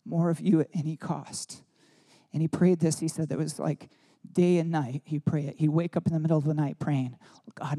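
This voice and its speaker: A man's voice: on the high side, mellow. A man telling personal stories in a sermon, casual and rambling with many "like" fillers. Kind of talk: sermon storytelling.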